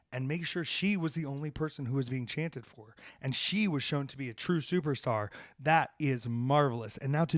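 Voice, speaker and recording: A man who is a professional wrestler co-hosting a podcast, ranting with heavy swearing, then telling road stories, his loudness swinging between shouted emphasis and hushed asides. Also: mid-range voice, normal speed, few pauses, no room sound, studio quality. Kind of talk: fired-up rant, then casual storytelling.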